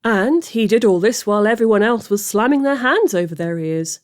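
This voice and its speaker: A woman reading a fantasy story aloud as narrator, steady and expressive. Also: medium pitch, moderate pace. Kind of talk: audiobook fiction reading.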